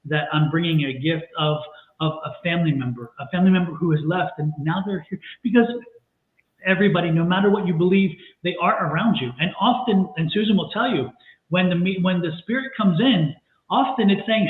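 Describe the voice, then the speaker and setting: A woman's voice: fairly low pitch, fairly quick. A woman working as a psychic medium talks animatedly on a livestream, often circling back and repeating herself. Her voice comes through a narrow, tinny line, with a hollow, echoey room around it. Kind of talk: livestream chat. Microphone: video call. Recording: tinny echoey call audio.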